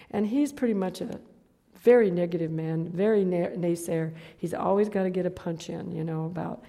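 A woman in her sixties preaching a sermon, telling stories with stammering restarts and swinging from loud exhortation to hushed recollection. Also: lowish voice, fairly even intonation, normal speed, in a large hall. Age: 60s. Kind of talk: sermon with storytelling.

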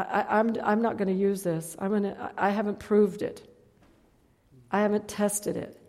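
A woman in her sixties preaching a sermon, telling stories with stammering restarts and swinging from loud exhortation to hushed recollection. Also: medium pitch, big-room sound. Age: 60s. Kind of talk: sermon with storytelling.

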